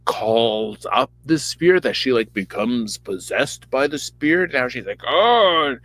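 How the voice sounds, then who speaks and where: Irreverent campy male host, rambling, very animated. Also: mid-range voice, measured pace, no room sound. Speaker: podcast host. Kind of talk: comedic Bible retelling.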